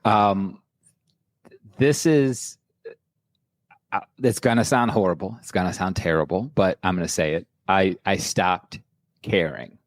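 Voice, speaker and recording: A man's voice: low-pitched, measured pace, long pauses, no echo. A middle-aged man, a personal trainer guest, talking candidly in a casual podcast chat, rambling with restarts.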